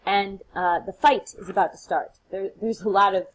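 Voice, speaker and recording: A woman's voice: medium pitch, steady tone, moderate pace, rough recording. A woman giving a recorded literature lecture, retelling the scenes in casual, modern words and acting out the quotes playfully.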